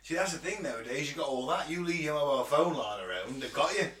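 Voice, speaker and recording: A man's voice: fairly high pitch, expressive, quick pace, fairly bright tone. A man co-hosting a podcast, wry and laid-back, reading out facts between banter. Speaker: podcast co-host. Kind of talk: casual chat. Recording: distant mic in an echoey room.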